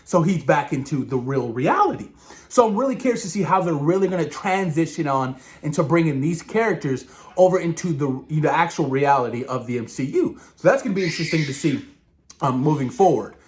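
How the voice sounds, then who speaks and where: A man casually discussing a TV episode, excitable and rambling, swearing freely and acting out his own reactions. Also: on the high side, brisk. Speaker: show reviewer.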